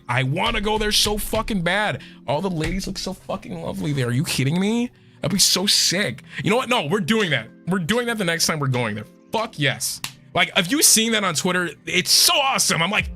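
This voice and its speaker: A hoarse man chats excitedly on his stream, cursing freely as he goes. His voice is bright and forward. A little music plays quietly behind him. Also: medium pitch. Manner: excitable, swears a lot. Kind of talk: casual chat stream.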